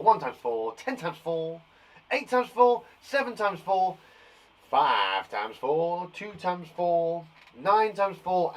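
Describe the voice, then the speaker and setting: A middle-aged man teaching times tables to young children in a playful, jokey, encouraging way. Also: sits high. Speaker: primary school teacher. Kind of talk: live online lesson for young children. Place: garden shed. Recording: voice a bit far from the mic.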